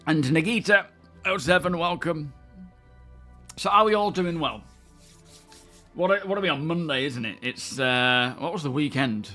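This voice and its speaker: Chatty man, bright voice. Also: a little high, lively intonation, normal speed, pauses often, faint music behind. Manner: chatty, greets viewers by name. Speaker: streamer. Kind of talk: casual live-stream chat.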